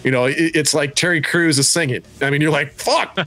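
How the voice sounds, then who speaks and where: A man's voice: fairly high pitch, steady tone, sharp tone. A man co-hosting a metal music podcast in casual chat, swearing freely and laughing often. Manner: profane, enthusiastic, quick to laugh. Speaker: podcast co-host.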